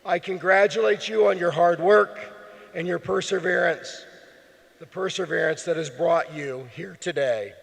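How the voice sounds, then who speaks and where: A hoarse man delivering a formal, earnest welcome speech at a ceremony in a large indoor arena, speaking into a podium mic. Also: high-pitched. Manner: earnest, measured address. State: hoarse, losing his voice. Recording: long arena reverb.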